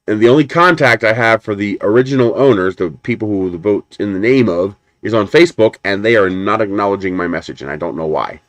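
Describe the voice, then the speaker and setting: A man's voice: on the low side, animated, a little fast, no room sound. A man hosting a live stream, chatting casually and rambling as he unboxes a printer and answers viewers. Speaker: 3D printing livestream host.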